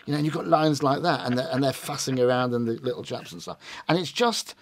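A man's voice: medium pitch, fast talker, hardly any pauses. A middle-aged man, reviewing a film in casual chat and acting out lines from it. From Britain. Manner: animated, acts out quoted lines in varied voices.

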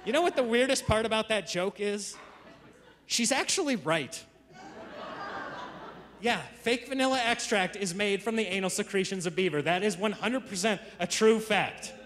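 A male stand-up comedian telling animated stories to a live audience. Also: high voice, normal speed. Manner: animated storytelling. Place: comedy club stage. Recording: echoey venue with audience noise.

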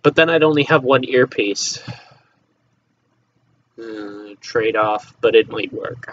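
A man's voice: lowish voice, takes it slowly, long pauses, fairly bright tone, a little hiss or hum. Rambling teen guy on a dull laptop mic. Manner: rambling, offhand, swears casually, trails off into mutters. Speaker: vlogger. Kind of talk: casual rambling chat to camera. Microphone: laptop microphone.

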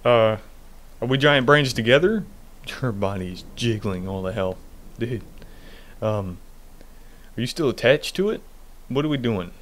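A man's voice: mid-range voice, animated, a little slow, pauses often. A young man giving casual, jokey gameplay commentary, rambling and laughing often. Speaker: gaming video host.

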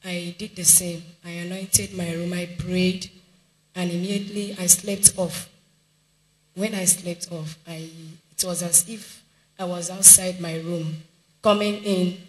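A woman's voice: on the low side, echoey room, low-quality recording. A woman with a Nigerian accent giving an earnest church testimony, telling events plainly. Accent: Nigerian English.

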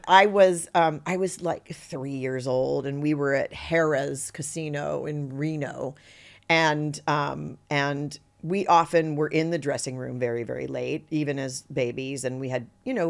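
A woman's voice: rumbling low, a little slow, creaky. A middle-aged woman, a guest actor, telling anecdotes in an interview and acting out the voices of people she quotes. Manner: animated storyteller who acts out quoted voices.

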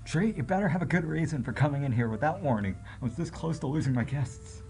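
A man's voice: a little high, animated, fast, darkish tone, pitched above the performer's own voice. Dude reading a peppy fox girl innkeeper, chatty, faint music behind. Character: cheerful young female fox innkeeper.

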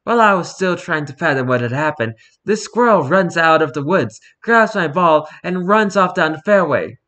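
A man's voice: a little high, lively intonation, moderate pace, pushed and bright. A man voicing a frustrated nun, a woman who loves golf, telling a rueful story in a read-aloud joke. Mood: exasperated.

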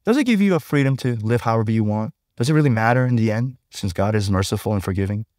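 A man's voice: fairly low pitch, expressive, fast, darkish tone, no room sound, studio quality. A male pastor preaching a sermon in a conversational way, often checking in with the congregation by asking "right?".

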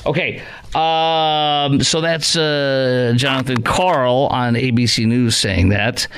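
A man's voice: mid-range voice, fairly even intonation, slow pace, a bit bright, slight background noise. A man hosting a talk radio show, delivering a sarcastic, rambling opinion monologue with mocking asides.

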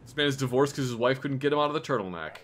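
A man's voice: mid-range voice, expressive, very fast, a little hiss or hum. A man streaming a game live, chatting in a playful, teasing way and bantering like a stern border official.

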